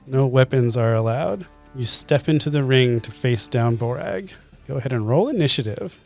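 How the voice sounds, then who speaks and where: A man's voice: mid-range voice, animated, moderate pace, gravelly, soft background music. A man from Kentucky narrating and ruling as dungeon master in a laid-back, laughing way. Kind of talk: narrating a tabletop game.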